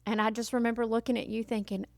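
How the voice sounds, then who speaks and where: A woman hosting a podcast interview, speaking softly and supportively. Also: a little high, little pitch movement, quick pace, no room sound. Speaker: podcast host.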